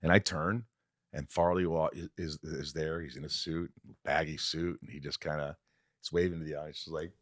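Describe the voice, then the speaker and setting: A man's voice: normal speed, dry recording, studio quality. A man hosting a podcast, telling a story with feeling and acting out what people said. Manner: animated, acts out quotes with big pitch swings. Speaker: podcast host. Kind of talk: emotional storytelling in casual conversation.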